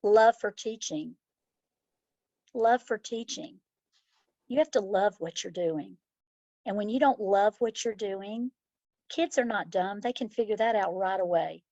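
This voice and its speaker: A woman's voice: mid-range voice, a little slow, mellow, no echo, highs cut off. A middle-aged woman, a school principal, answering interview questions with heartfelt, reflective stories. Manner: heartfelt, reflective, acts out children's voices in stories. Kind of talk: interview answers, personal storytelling.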